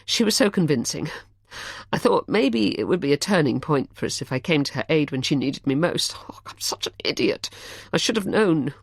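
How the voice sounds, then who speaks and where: A woman voicing a heartbroken young man in an audiobook, speaking in a hushed, choked, halting way. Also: fairly high pitch, expressive, gravelly, slightly rough, no echo, clean studio sound, exaggerated voice. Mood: distraught. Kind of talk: audiobook character voice.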